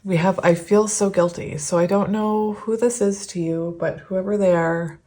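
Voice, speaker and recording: A woman's voice: mid-range voice, steady tone, moderate pace, mellow. A woman in her thirties doing a casual tarot reading to camera, rambling and affectionate with frequent giggles, her voice teary as if on the verge of crying. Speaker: tarot reader.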